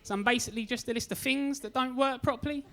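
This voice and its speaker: Cheeky stand-up comedian. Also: male voice, very high voice, fairly even intonation, fast, vocal fry, pushed and bright. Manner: cheeky, self-deprecating storytelling with acted-out quotes. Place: comedy club stage with a live audience.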